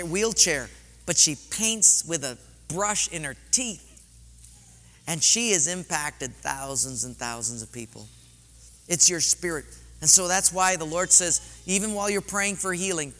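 A man's voice: fairly high pitch, sharp tone. A man preaching a sermon in a church sanctuary, telling stories in an earnest, heartfelt way. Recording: long hall reverb.

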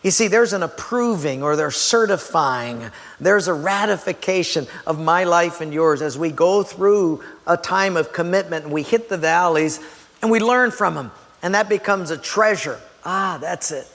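A man preaching a sermon as pastor, lively and playful, acting out little voices and exclamations. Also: sits high, normal speed, big-room sound. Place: church sanctuary.

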